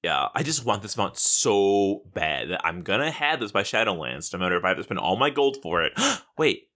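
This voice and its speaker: Animated, profane podcast host man. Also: fairly low pitch, normal speed. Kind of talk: casual gaming podcast chat.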